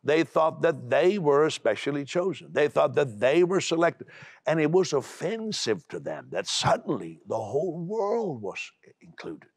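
Brusque, gravelly-voiced man preaching on TV. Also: fairly high pitch, big pitch swings, a little slow, no room sound, clean studio sound. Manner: brusque, emphatic, repeats words when building up. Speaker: preacher and TV host. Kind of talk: televised sermon.

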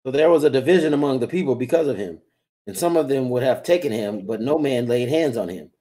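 A man reading Bible verses aloud in a steady, plain way. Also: medium pitch, quick pace. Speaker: scripture reader.

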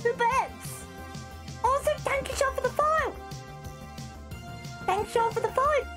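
A woman streamer chatting loudly and excitably with her viewers, swearing often, with music playing behind. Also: very high voice, measured pace. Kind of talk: casual livestream chat.

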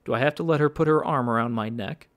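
A man's voice: medium pitch, quick pace, lightly acted. A man reading an irritable grumbling traveler. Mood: impatient. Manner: grumbling, impatient. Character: irritable male traveler, thirty-eight.

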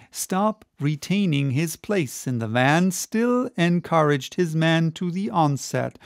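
A man reading a classic novel aloud as an audiobook, in slow, measured, deliberate narration. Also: fairly high pitch, creaky, darkish tone, no room sound, clean studio sound. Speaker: audiobook reader.

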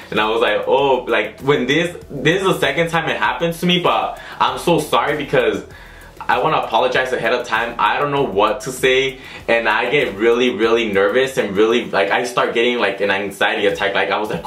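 A man's voice: medium pitch, fairly quick, a bit bright. Chatty young man in an echoey room. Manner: rambling, chatty, lots of fillers and restarts. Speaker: YouTube vlogger. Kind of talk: casual storytelling vlog.

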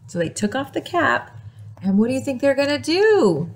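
A woman teacher reads a picture book aloud to small children, gasping for effect and pausing to ask them questions. Her voice sits fairly high and leaps all over in pitch, taken at an unhurried, deliberate pace. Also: big pitch swings, slight background noise. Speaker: preschool teacher.

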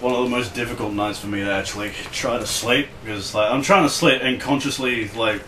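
A man's voice: mid-range voice, a little fast, bright, forceful tone, distant mic. A young Australian man chatting casually while gaming, rambling and swearing often with lots of filler words. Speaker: let's play co-host. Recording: roomy echo, off-mic, faint hiss.

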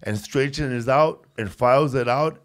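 A man's voice: mid-range voice, normal speed. A man who hosts a comedy podcast, rambling through funny anecdotes in casual chat and saying "bro" constantly.

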